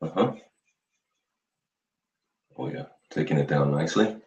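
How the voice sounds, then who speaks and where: A man hosting a casual live show, chatting in a relaxed, rambling way with his viewers while he shaves. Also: very deep voice, unhurried. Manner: relaxed, rambling, chuckles often, talks to viewers. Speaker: livestream host. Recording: roomy dull lo-fi sound.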